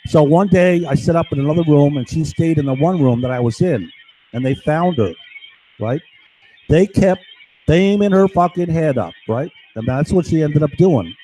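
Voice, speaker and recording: A man's voice: fairly high pitch, lively intonation, normal speed, mellow, slight background noise, low-quality recording. A man telling a long, agitated story on a live stream, swearing often and tagging his sentences with "right?". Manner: agitated, profane, keeps asking "right?". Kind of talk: rambling monologue.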